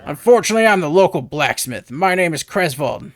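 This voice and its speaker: A man's voice: fairly high pitch, lively intonation, a little fast, no room sound. A man doing a grumbly village blacksmith.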